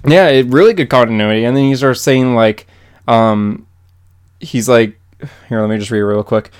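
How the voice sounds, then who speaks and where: A man's voice: medium pitch, normal speed, clean tone. A young man co-hosting a podcast, chatting casually and animatedly, with lots of fillers. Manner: animated, filler-heavy comic recaps. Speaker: podcast co-host. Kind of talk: casual chat.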